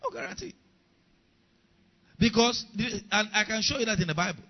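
A man's voice: sits high, quick pace. Middle-aged male preacher, emphatic and repetitive, muffled lo-fi sound. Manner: emphatic, repeats key lines, questions the congregation. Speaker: pastor. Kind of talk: sermon.

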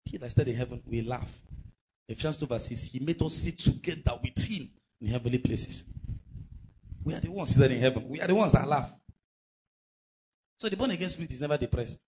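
A man's voice: medium pitch, expressive, a little fast, pauses often, a little mellow, highs cut off, slight background noise. A male pastor, preaching a sermon emphatically and asking the congregation rhetorical questions.

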